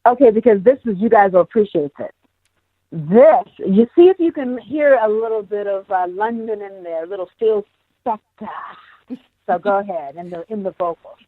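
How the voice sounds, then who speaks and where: A woman, a singer guest, chatting casually in an interview, laughing often and talking in quick bursts. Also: medium pitch, breathy edge, no room sound, phone-quality sound.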